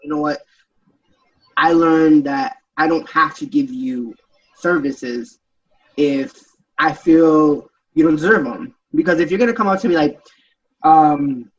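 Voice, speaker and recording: A man in a casual group chat on a podcast, telling animated stories and acting out other people's voices. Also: on the high side, a little slow, pauses often. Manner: animated storytelling, acts out quoted voices. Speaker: podcast panelist. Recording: dull, distant sound.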